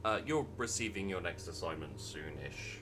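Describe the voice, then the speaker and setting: Lively man running a tabletop game. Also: low voice, normal speed, soft background music. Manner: animated storyteller with hesitant fillers. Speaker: game master.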